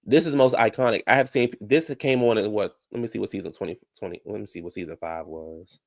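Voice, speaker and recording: A man's voice: fairly low pitch, quick pace, creaky, darkish tone. A man giving a casual, blunt recap of a reality TV episode, chatty and full of asides. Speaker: reality TV commentator.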